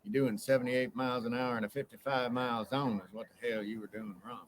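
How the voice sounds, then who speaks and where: An actor playing a stern, commanding highway patrol officer in a film. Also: male voice, fairly even intonation, fast talker, a little hiss or hum, natural voice. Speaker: movie character.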